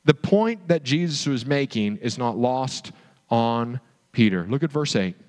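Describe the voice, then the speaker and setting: A man preaching a sermon as a pastor, telling the story in an animated way and asking the listeners rhetorical questions. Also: medium pitch, a little slow, long reverb tail.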